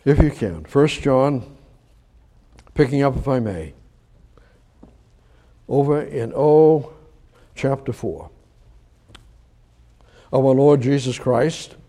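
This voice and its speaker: An older man preaching a conversational sermon, swinging between emphatic rises and quiet, low asides. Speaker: pastor.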